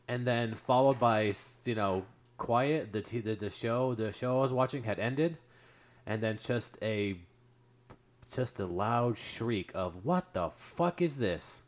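A man on a podcast casually telling a long anecdote, rambling with lots of fillers and restarts. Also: medium pitch. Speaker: podcast storyteller.

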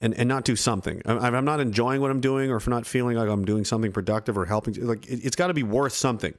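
A Canadian man in his thirties, a veteran streamer, speaks fast in a mid-range voice. He gives his live chat blunt, profane, heated commentary.

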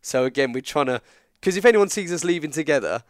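Animated English man telling a story. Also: on the high side, fast talker, clear, resonant tone, no room sound, clean studio sound. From England. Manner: animated, acts out dialogue in quotes. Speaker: guest storyteller. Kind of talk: casual storytelling chat.

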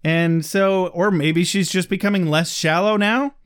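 A man's voice: high voice, fairly even intonation, unhurried, clear, resonant tone. A man co-hosting a podcast, casually recapping an episode with sardonic, swear-laced remarks. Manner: sardonic, swears casually, reads quotes aloud. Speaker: podcast co-host.

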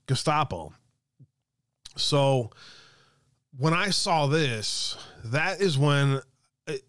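A man's voice: mid-range voice, dry recording. Sarcastic man ranting in a dry room. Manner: sarcastic, muttering asides and scoffing; swears casually. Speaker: host of a political commentary show. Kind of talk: ranting online commentary, reading aloud from a website.

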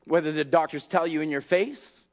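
A man preaching an impassioned sermon, acting out scenes and shouting at the peaks. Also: on the high side, a little fast.

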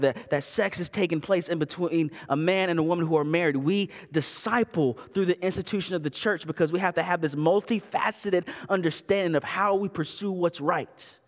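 A man in his thirties delivers a sermon in a church sanctuary, his fairly high voice trailing into a long reverb. He preaches conversationally, with asides and restarts. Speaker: pastor.

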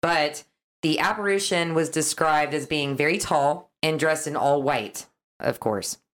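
Low-voiced woman podcast host. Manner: chatty, quick asides while reading notes. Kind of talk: casual chat and case narration.

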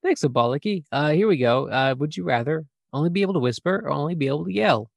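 A man's voice: a little high, animated, fast talker, vocal fry, no echo, studio quality. A man co-hosting a casual chat, joking and laughing as he reads out fan questions. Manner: laughing, jokey, acts out bits in whispers. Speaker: podcast co-host.

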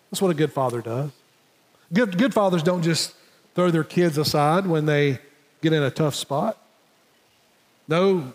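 A male pastor preaching with a high, ringing voice and an emphatic delivery that swells and drops. His words carry a long reverb tail, as if spoken in a large church hall. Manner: emphatic preaching, voices God and Elijah in quotes. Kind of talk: sermon.

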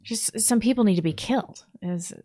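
A woman's voice: medium pitch, moderate pace, mellow. A woman co-hosting a call-in show, blunt and scornful. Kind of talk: casual call-in chat.

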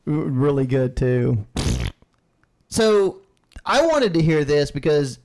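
A man's voice: on the high side, big pitch swings, slow pace, darkish tone. A man co-hosting a podcast in casual banter, rambling and swearing constantly. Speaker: podcast co-host.

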